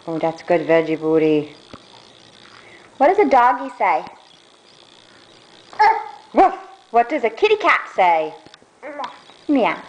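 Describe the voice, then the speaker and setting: A woman's voice: lowish voice, very animated, dull audio. A young mother talking to her toddler at home in coaxing, sing-song baby talk. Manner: sing-song, drawn-out questions.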